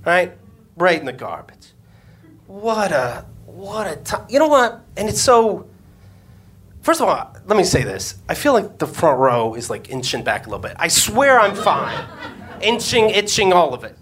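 A man's voice: sits high, big pitch swings, a little slow, fairly bright tone, breathy edge. A man, a comedian and podcast host, telling a crude story on stage before a live audience and acting out the voices he quotes.

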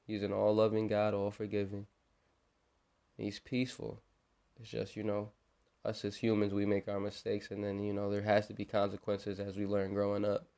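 Low gravelly man giving earnest encouragement. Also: monotone, normal speed, dark tone. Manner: earnest, rambling with repeated words. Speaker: podcast host. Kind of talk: informal religious encouragement.

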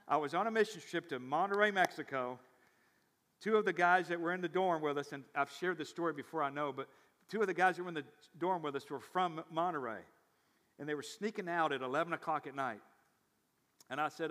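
Preaching pastor in a reverberant hall. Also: male voice, on the high side, brisk. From South Louisiana. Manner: storytelling, swings from loud emphatic bursts to quiet asides. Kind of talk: sermon. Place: church sanctuary.

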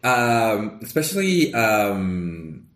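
Man, young adult, casual podcast co-host; lowish voice, rambles, roomy recording. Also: big pitch swings, very slow, fairly bright tone. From Mexico. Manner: rambling, many fillers and restarts. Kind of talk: casual chat. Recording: roomy echo.

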